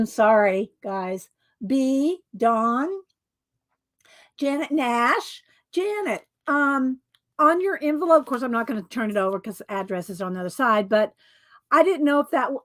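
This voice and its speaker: A woman chatting casually on a live craft stream, greeting viewers by name, her throat scratchy and often cleared. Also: high voice. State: scratchy throat, struggling to talk. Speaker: craft channel host.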